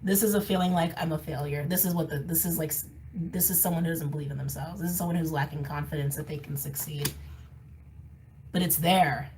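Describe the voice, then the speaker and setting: A woman's voice: low-pitched, fairly even intonation, fairly quick, darkish tone, distant mic, slight background noise, rough recording. A woman giving a casual tarot card reading, candid and emphatic, often laughing and repeating phrases for emphasis. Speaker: tarot reader. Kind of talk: casual intuitive reading to camera.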